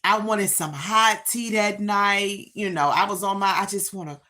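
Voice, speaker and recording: A woman hosting a live stream, telling a casual story straight to her viewers with emphatic, drawn-out phrases. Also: mid-range voice, bright, forceful tone.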